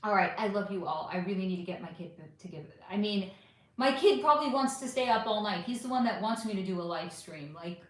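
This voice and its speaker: Animated woman in an echoey room. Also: medium pitch, brisk. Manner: animated, blunt, sarcastic with commenters. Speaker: livestream host reading chat. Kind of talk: casual livestream chat. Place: home room. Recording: roomy echo.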